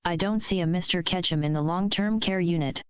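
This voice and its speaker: A woman's voice: fairly low pitch, fairly quick, smooth, no echo, muffled recording, natural voice. A woman reading aloud, voicing a snooty hospital receptionist who speaks in a sickly sweet, uppity way.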